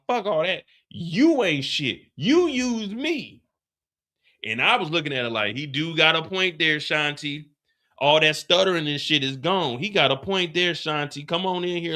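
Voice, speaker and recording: Man, high voice, live after-show host, slangy, repeats himself, animated storytelling.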